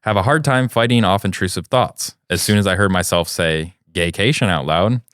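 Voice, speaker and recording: A man with a low, smooth, resonant voice reads a listener letter on a comedy podcast. The sound is dry and close, with no room around it, and his delivery stays wry. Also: moderate pace, fairly bright tone, no room sound. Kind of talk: reading a listener letter aloud, casual banter.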